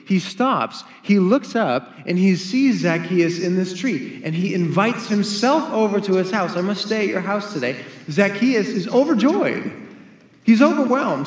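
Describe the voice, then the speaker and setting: A male pastor delivering an emphatic sermon in a church. His voice sits a little high for a man, and a long reverb trails after his words. He keeps asking rhetorical questions and sometimes acts out what people would say.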